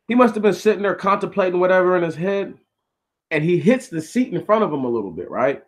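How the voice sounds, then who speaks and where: A man's voice: fairly high pitch, a bit bright. A man telling a story from his own life in a blunt, profane, casual monologue full of slang.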